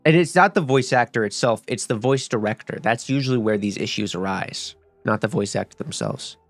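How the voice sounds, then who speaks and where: This gaming streamer has a lowish voice and talks fairly quickly, his casual commentary rambling, profane, and riddled with fillers and false starts. There's no echo, just soft music behind him.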